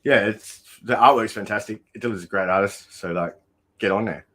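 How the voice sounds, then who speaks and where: A man's voice: fairly low pitch, normal speed, sharp tone. A man co-hosting a casual livestream in laid-back, agreeing banter. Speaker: livestream co-host.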